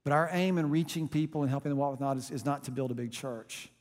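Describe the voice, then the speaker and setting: A man preaching a sermon as pastor, pushing loud on key lines and dropping to a hush for quiet moments, in a church auditorium. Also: mid-range voice, quick pace. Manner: emphatic preaching, swings from loud pushes to soft hushed lines. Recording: long reverb of a large hall.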